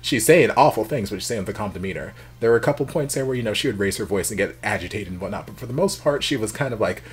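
A man giving casual, animated reaction commentary as a video host. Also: on the low side, quick pace, faint music behind. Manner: animated, chatty, emphatic.

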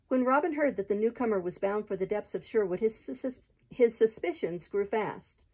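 Woman with a soft, breathy reading voice. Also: mid-range voice, animated, normal speed, low-quality recording. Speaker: host reading a book aloud. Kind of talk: storybook read-aloud.

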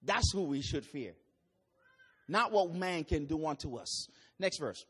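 A man with a Jamaican accent preaching a sermon, reading scripture slowly and deliberately and breaking into sudden loud calls. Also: fairly high pitch, lively intonation, husky.

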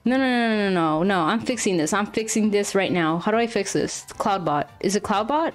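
A woman's voice: medium pitch, animated, brisk, hardly any pauses, faint music behind. A young woman streaming live while drawing, flustered and apologetic, often laughing and exclaiming as she talks to her chat.

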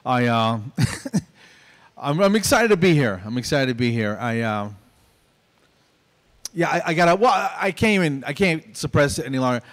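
A man's voice: mid-range voice, fairly bright tone. A middle-aged man performing a stand-up comedy set on stage in a conversational, self-deprecating way. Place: stage at a small venue.

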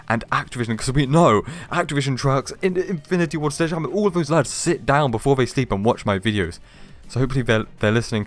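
A young man hosting a casual gaming commentary video, chatty and rambling, talking straight to his viewers. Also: medium pitch.

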